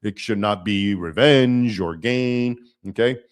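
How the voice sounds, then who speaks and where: A man's voice: fairly low pitch, slow, clear, resonant tone. A man hosting a livestream, explaining in a lecturing manner and often checking in with "okay?". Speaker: livestream host.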